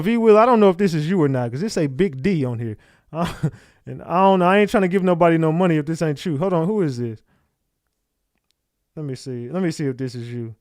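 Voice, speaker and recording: Guy on a livestream giving shoutouts to chat, kinda high voice, dry close sound, aave slang. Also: dry recording. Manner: loose, slangy, calls out chat names. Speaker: livestream host. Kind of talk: casual livestream chat with viewers.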